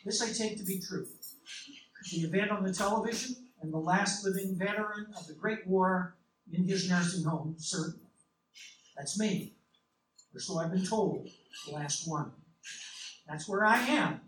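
A man reading a literary novel in the first person, with a measured, reflective delivery. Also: high voice, a bit bright. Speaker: audiobook narrator. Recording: roomy, distant mic, faint hiss.

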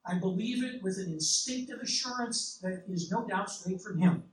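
High-voiced man narrating a story. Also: normal speed. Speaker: audiobook narrator. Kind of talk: first-person literary narration. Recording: roomy, distant mic, faint hiss.

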